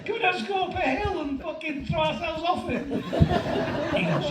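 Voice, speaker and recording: A man, telling a profane, animated stand-up story to a laughing audience. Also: very high-pitched, measured pace, background noise. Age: 50s. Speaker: stand-up comedian. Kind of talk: stand-up routine. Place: large comedy venue with audience laughter. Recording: echoey venue recorded from far off with crowd.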